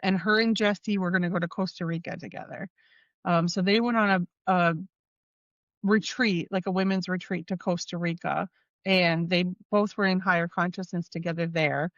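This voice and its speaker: A woman's voice: lowish voice, fairly even intonation, normal speed, no echo, dull audio. A woman speaking as a podcast guest in an earnest, casual chat, with lots of "like" and "you know what I mean".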